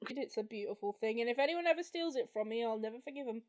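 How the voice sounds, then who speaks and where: Brief: woman doing a high-pitched fussy village gossip, indignant and chatty. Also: expressive, quick pace, a little mellow, lightly acted. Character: fussy village woman who loves cabbage soup. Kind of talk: improvised character play.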